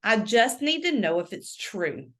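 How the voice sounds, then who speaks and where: Woman doing a polished British male attorney, polite and bright, very lively pitch. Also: measured pace. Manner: polite, cheerful.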